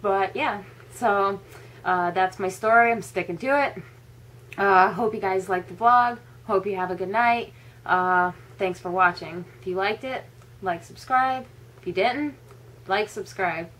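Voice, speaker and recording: A woman's voice: medium pitch, a little slow, fairly bright tone. A young woman vlogging, telling a funny story casually, laughing often and saying "like" a lot.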